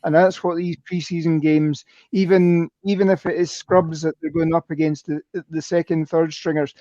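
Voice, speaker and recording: A man's voice: fairly high pitch, little pitch movement, moderate pace, dark tone, no room sound. A man co-hosting a podcast, talking in a rambling, self-correcting, sceptical way over slightly dull call audio. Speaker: co-host. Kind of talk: casual podcast chat.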